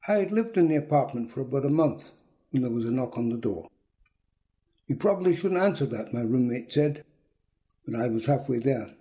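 Man reading a story deadpan. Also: mid-range voice. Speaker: reader. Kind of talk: reading a short story aloud.

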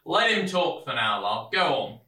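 A smug, folksy small-town sheriff, played by a man speaks in a piercingly bright, sharp-edged voice. He is patronizing and sing-song, ending his lines with little tag questions. The voice sits in a roomy, echoing space. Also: on the high side, very animated, unhurried, heavily acted. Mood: probing. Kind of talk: audio drama acting.

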